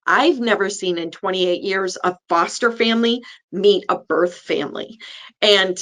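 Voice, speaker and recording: A woman's voice: mid-range voice, a little slow, fairly bright tone. A middle-aged woman, a neonatal nurse practitioner, earnestly telling a personal story in an interview. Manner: earnest, acts out the people in her story.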